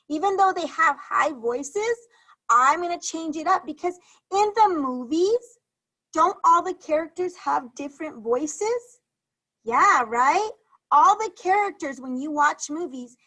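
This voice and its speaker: Her pitch is extremely high and her tone fairly bright, though the recording quality is low. She's a teacher running a reading lesson for small children over video call, offering encouragement and asking questions more than once.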